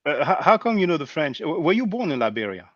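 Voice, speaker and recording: A man hosting an interview over a video call, asking curious questions with halting restarts. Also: fairly high pitch, very animated, fairly bright tone, dry recording, highs cut off. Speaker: host.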